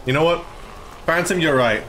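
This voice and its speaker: Australian man, streamer, quite high voice, excitable, swearing, faint background hum. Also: moderate pace. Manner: excitable, swears often, argues playfully with chat. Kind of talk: live-stream chat with viewers.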